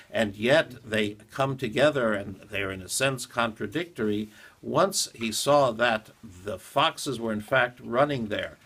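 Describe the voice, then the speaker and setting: A man, a rabbi, giving a short morning talk after prayers, retelling a teaching in a measured storytelling way with quoted dialogue. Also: on the low side, gravelly, fairly bright tone, slightly rough.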